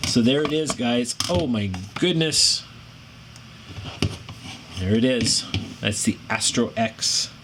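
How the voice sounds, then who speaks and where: A man's voice: mid-range voice, a little slow. A middle-aged American man with a rambling, apologetic manner, chatting through a drone frame build on his own channel. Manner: rambling, self-deprecating, apologetic, growls when frustrated. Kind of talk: casual build tutorial chat. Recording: audible background noise.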